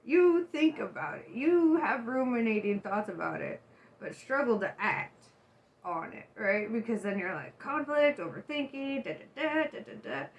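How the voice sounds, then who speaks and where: A woman giving a casual tarot reading to her viewers, chatty and animated, who laughs often and swears freely. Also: a little high, normal speed. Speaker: tarot reader.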